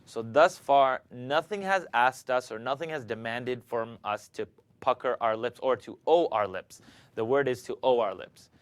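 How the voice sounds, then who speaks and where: A man teaching Quran recitation, calmly demonstrating letter sounds and asking students to repeat after him. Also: mid-range voice, moderate pace, clean tone, no echo. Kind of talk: pronunciation lesson.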